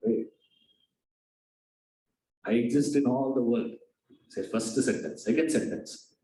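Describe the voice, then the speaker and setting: A man's voice: medium pitch, unhurried, long pauses, mellow. A man teaching a scripture class, asking his students rhetorical questions. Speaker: Vedanta teacher. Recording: echoey room.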